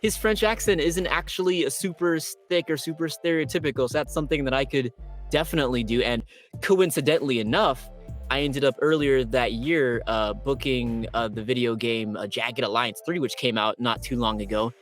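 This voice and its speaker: A man, a voice actor, telling his stories as a guest in an interview, excitable and quoting himself with big jumps in pitch. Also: a little fast, faint music behind. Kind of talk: animated storytelling in an interview.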